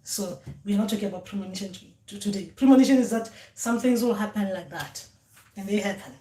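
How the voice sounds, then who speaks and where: A woman's voice: mid-range voice, fast, dark tone, roomy sound. A woman giving a casual spiritual talk about dreams, often repeating words and voicing what her ancestors say. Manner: repetitive, voices ancestors speaking.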